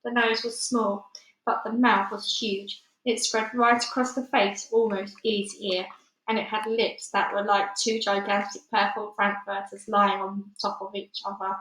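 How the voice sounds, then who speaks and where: A woman's voice: medium pitch, flat delivery, measured pace, a bit bright, reverberant, poor audio. Woman reading a storybook aloud. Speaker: reader.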